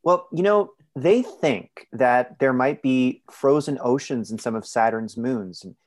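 A man plays a blunt, cranky mom stranded at the bottom of an empty pool in an improvised comedy bit. There's a nerdy, self-conscious side underneath the gruffness, and the voice sits at a middle pitch. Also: measured pace, lightly acted. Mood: shy. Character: exasperated mom stuck in a pool, woman. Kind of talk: improv comedy role-play.

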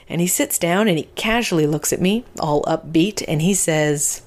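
A young adult woman from Canada, a podcast host telling a funny personal story in an animated, self-mocking way. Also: on the low side, normal speed. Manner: animated, self-mocking, acts out both sides of the talk.

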